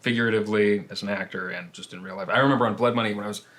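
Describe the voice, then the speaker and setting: A man hosting an interview, chatting in a relaxed way and often chiming in with agreement. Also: lowish voice, rapid-fire. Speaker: guest host. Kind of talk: casual interview chat.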